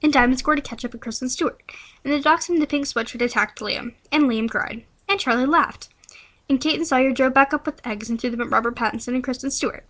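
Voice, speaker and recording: Bright, high-pitched giggly young woman. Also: fast talker. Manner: giggly, playful, breaks into song. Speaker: storyteller. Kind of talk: improvised silly storytelling.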